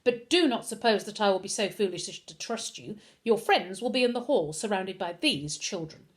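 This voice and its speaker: Woman reading as icy controlling headmaster, storybook villain, clipped orders, lively pitch. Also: normal speed, close to an everyday voice. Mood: cold.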